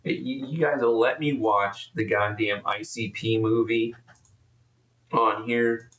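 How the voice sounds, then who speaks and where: A man's voice: mid-range voice, fairly even intonation, takes it slowly, fairly bright tone, reverberant, far from the mic. A man live-streaming and commenting casually, profane and rambling, easily exasperated.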